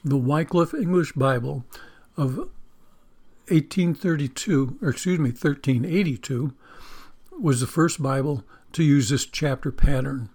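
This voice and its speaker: A man's voice: on the high side, measured pace, a little mellow, slightly rough. A man giving a folksy Bible-teaching sermon, joking about spelling and leading a prayer. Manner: leads a spoken prayer. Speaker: preacher.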